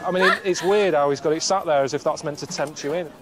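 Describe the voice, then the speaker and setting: A man giving bemused, deadpan commentary while he travels. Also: fairly high pitch, fast talker, heavy background noise. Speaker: travel show presenter. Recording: music under the voice.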